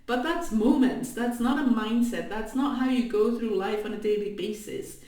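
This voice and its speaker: A woman's voice: a little high, normal speed. Blunt woman ranting in an echoey room. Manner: animated, blunt, laughs between points. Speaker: twin flame coach. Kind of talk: casual direct-to-camera rant. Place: room, filmed on camera. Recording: echoey room, distant mic.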